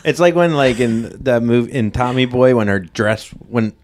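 A man co-hosting a podcast, chatting casually and joking, firing off quick questions and laughing often. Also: medium pitch, darkish tone. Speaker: podcast co-host. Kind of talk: casual chat.

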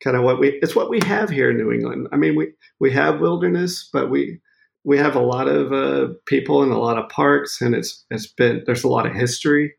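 Gravelly animated storyteller man. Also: medium pitch, fairly quick. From Maine. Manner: laughing, animated storyteller acting out quotes. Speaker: photographer guest. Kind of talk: casual interview storytelling.

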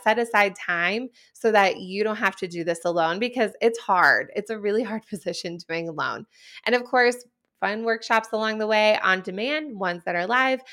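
A woman's voice: mid-range voice, pushed and bright. A woman hosting a podcast as an elementary STEM coach, talking casually in an earnest, encouraging way, with frequent restarts. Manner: restarts and fillers.

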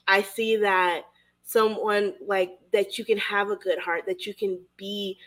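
A woman's voice: mid-range voice, level tone, measured pace, a bit bright. A woman hosting a podcast interview, gushing and emotional, talking in a loose casual way with lots of fillers. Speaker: podcast host.

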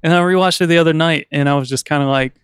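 A man's voice: on the high side, racing, clear, resonant tone, dry recording, studio quality. A man co-hosting a podcast in casual, rambling chat, often laughing. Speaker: podcast co-host.

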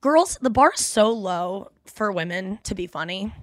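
A woman's voice: mid-range voice, lively intonation, no room sound, studio quality. A woman hosting a podcast, chatting in a gossipy, rambling way and recapping a reality show. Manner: gossipy, fast, uses 'like' a lot. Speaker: podcast host. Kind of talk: casual chat recap.

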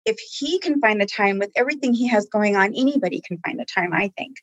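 A woman's voice: medium pitch, expressive, fast, slightly rough, lo-fi sound. Earnest, heartfelt woman guest. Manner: heartfelt, tearful at times, earnest. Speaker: staff member guest. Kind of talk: emotional conversational interview.

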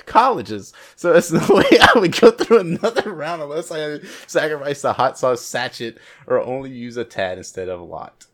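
A man's voice: a little high, expressive, moderate pace, few pauses, a bit bright. A man co-hosting a casual comedy chat, reading reviews aloud and laughing often. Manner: giggly, playful, breaks into laughter. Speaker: podcast co-host.

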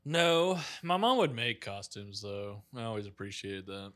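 Bright-voiced man in teasing banter. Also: fairly low pitch, very animated, measured pace. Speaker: podcast co-host. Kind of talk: casual chat.

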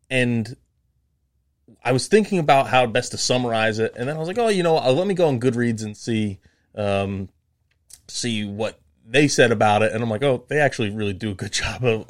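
A man co-hosting a podcast, chatting casually with fillers and laughs, then reading a book summary aloud. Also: mid-range voice. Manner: relaxed, rambling, laughs often, many fillers. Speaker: podcast co-host.

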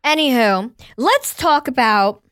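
A bubbly woman in her thirties co-hosts a podcast and talks bluntly, swearing freely. Her voice sits fairly high, and the recording is dry and close. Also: expressive, slow pace, fairly bright tone, no room sound. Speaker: podcast co-host. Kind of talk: casual chat.

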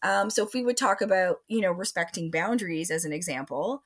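A woman who is a sex educator and relationship coach, talking in an interview, with lively delivery and frequent acted-out quotes. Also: on the low side, a little fast. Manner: expressive, acts out quoted voices. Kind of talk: animated interview talk.

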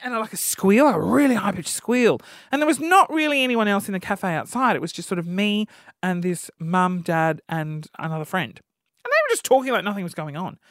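With a voice that sits high and a fairly quick delivery, a man in his thirties hosts a podcast full of comedic complaints. He tells his annoyance stories in an exasperated, animated way, and the clean studio sound has no room noise.

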